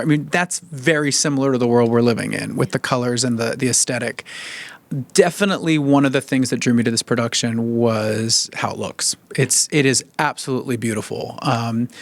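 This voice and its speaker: A male stage actor in a press interview, chatty and eager, often tripping over his words and starting his sentences again. His voice sits at an ordinary middle pitch. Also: no echo. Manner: chatty, enthusiastic, stumbles and restarts.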